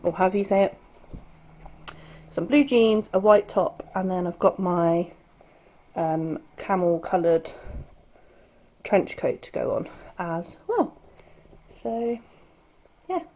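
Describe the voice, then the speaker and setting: A woman's voice: mid-range voice, lively intonation, takes it slowly, pauses often, darkish tone, low-quality recording. Chatty woman vlogging. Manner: chatty, rambling, with filler words. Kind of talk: casual vlog chat.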